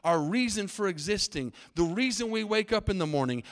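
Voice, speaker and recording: A man's voice: sits high, expressive, fairly quick, hardly any pauses, a faint crowd. A middle-aged man preaching a sermon as pastor from the pulpit, emphatic, with call-and-response to the congregation. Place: church sanctuary.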